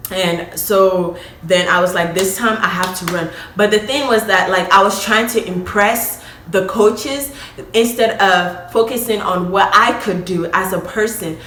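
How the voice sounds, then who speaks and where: Young woman vlogger, bright tone, echoey room, faint hum behind, casual emotional storytelling. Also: medium pitch. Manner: chatty, addresses viewers as y'all, emotional.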